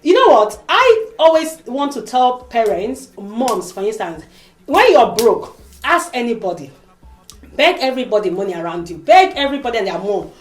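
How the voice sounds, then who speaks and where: A woman's voice: fairly high pitch, normal speed, soft background music. A woman, talking in an emotional, emphatic casual vlog and acting out the people she quotes. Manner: animated, emphatic, acts out quoted voices. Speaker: vlogger. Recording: echoey room.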